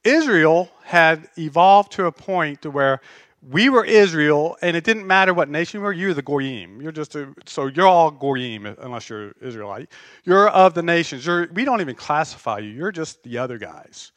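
A man preaching a sermon as pastor, conversational and animated, telling stories with self-deprecating humor. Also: fairly high pitch, normal speed, dry recording.

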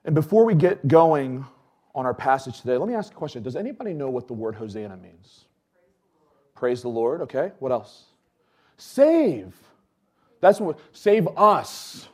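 A man preaching a casual, conversational sermon, telling stories with lots of fillers and swinging between loud bursts and hushed asides. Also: mid-range voice, animated, brisk. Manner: chatty with many fillers.

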